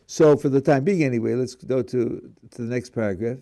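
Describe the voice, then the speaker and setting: A man's voice: mid-range voice, fairly quick, warm tone. A middle-aged man, a rabbi, giving a lecture on prayer, explaining step by step, asking his students questions and often restarting words. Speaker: rabbi teaching a class.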